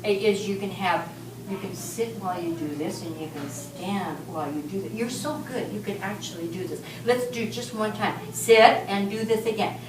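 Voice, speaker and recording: A woman teaching a class of young children, speaking slowly and patiently as she leads clapping and rhythm chants. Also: mid-range voice. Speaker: music teacher. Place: elementary school classroom. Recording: echoey classroom from far off, noisy.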